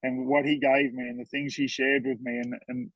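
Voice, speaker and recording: An earnest man telling heartfelt stories in a relaxed podcast chat, often restarting his words. His voice comes through a dull, lo-fi recording with a dry sound and no room echo. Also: mid-range voice, moderate pace. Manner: earnest, storytelling, repeats words when moved. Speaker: horseman guest.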